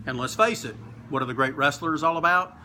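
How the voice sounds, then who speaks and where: A middle-aged man, a comic book store owner, telling stories in a casual interview, animated and swearing freely. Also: on the high side, brisk, slight background noise.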